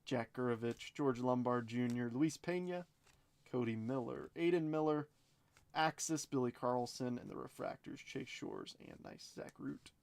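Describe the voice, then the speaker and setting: A man's voice: medium pitch, sing-song, measured pace, creaky, a little mellow. A man hosting a live card-break stream from his basement, rattling off player names between jokey asides.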